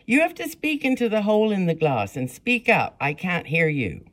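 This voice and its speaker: A woman's voice: mid-range voice, sing-song, a little slow, voice pushed up. A narrator voicing a bored, brusque woman clerk who fires off curt, demanding questions.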